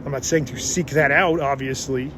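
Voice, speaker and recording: A man's voice: mid-range voice, steady tone, moderate pace, background noise. A man giving an earnest, casual religious talk, retelling Bible stories with frequent restarts. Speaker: religious speaker.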